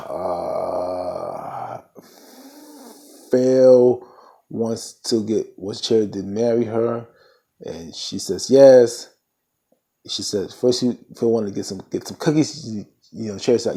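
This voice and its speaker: A man casually recapping a TV episode in an animated, slangy way, full of playful asides. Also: mid-range voice, normal speed, gravelly. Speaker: TV recap vlogger.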